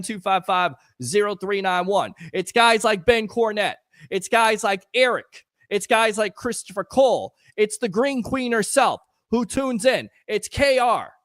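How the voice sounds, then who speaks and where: High-voiced earnest sports talk host. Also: male voice, fairly bright tone, dry recording, studio quality. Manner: earnest, emotional, rambling; promotional, hyping the audience. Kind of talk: live sports talk stream.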